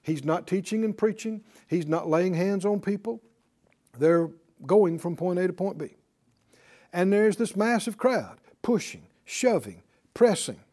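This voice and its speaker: A man's voice: high voice, expressive, unhurried, mellow. A man teaching a Bible class in a call-and-response style. He stresses and repeats key words and has the class repeat lines back to him.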